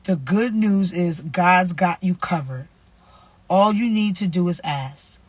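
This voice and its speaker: A woman's voice: on the low side, slow pace, husky, no room sound. A woman, casually sharing faith advice and reading a devotional aloud, repeating herself and using slang. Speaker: vlogger running a nonprofit.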